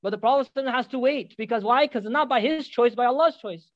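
Fast-talking preacher guy, high-ish voice, dull dry recording, really animated. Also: no echo. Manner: animated, exhorting, emphatic. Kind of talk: sermon with dramatic storytelling.

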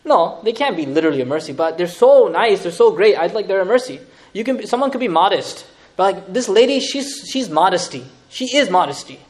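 Male religious teacher, lively storyteller, quick and high-pitched. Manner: lively, laughing asides, dramatic retelling. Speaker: Islamic teacher. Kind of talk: animated lecture on scripture.

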